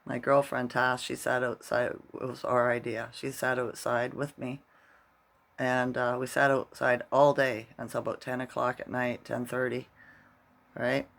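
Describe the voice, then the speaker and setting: A man's voice: mid-range voice, little pitch movement, a little slow, creaky, a bit bright. A middle-aged man vlogging casually, rambling through a story and tagging his sentences with "right?".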